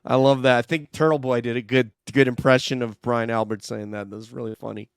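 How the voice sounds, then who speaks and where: A man's voice: medium pitch, fairly even intonation, fairly quick, smooth, dry recording, studio quality. A man hosting an online true-crime show in casual, loose chat. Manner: loose, chatty, laughs easily. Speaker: host.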